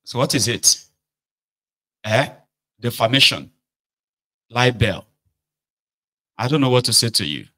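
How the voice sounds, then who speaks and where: A man's voice: medium pitch, fairly bright tone, rough recording. A man giving opinion commentary, arguing with rhetorical questions.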